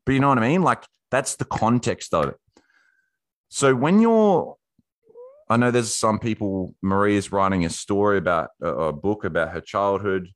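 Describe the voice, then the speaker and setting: A young man with a lowish voice talks in an emphatic, casual motivational way, swearing freely and playing out small imagined conversations. The sound is dry and close, with no room around it. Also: brisk, few pauses, fairly bright tone, no room sound. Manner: emphatic, swears casually, acts out little dialogues. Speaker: speaker giving memory advice.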